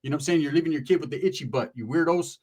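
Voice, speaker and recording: A man's voice: a little high, rapid-fire, darkish tone. A middle-aged man telling a story and giving commentary as a channel host, casual and profane, full of streetwise slang and emphatic asides.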